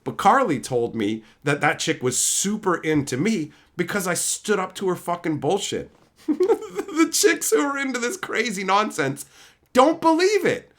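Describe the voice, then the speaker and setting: A man's voice: sits high, very animated, measured pace. A young man streaming live, ranting to his chat in a profane, scornful way, often mocking others in put-on voices.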